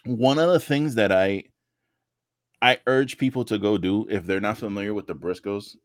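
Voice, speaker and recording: Male podcast co-host, lowish voice, dry close sound, animated profane storyteller. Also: moderate pace, dry recording. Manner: animated storytelling, heavy swearing, acts out quotes. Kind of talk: casual wrestling chat.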